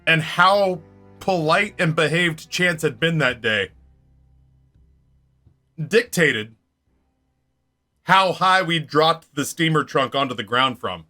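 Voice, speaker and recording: A man with a bright, fairly high voice spins a rowdy tale while streaming a game. He swears freely and breaks into laughs. Faint music plays behind him. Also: lively intonation, slow pace, pauses often. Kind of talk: casual storytelling during a game stream.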